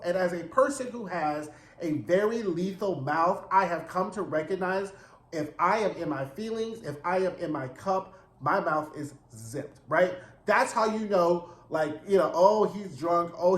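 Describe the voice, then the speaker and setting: Campy, animated man recapping TV. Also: sits high, reverberant. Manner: animated, campy and profane storytelling. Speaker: TV recap reviewer. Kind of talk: casual recap monologue.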